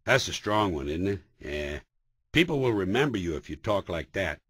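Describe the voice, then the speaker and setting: A man from the United States doing a stand-up comedy routine, sardonic and profane, with sharp comic timing. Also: low voice, very animated, moderate pace, husky, no room sound.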